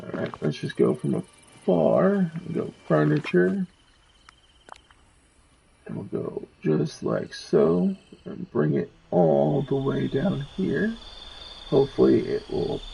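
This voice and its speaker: Gravelly man streaming a cozy game. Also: a little high, very animated, takes it slowly, dark tone, slight background noise, poor audio. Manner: reads quest text and character dialogue aloud. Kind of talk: casual gameplay commentary.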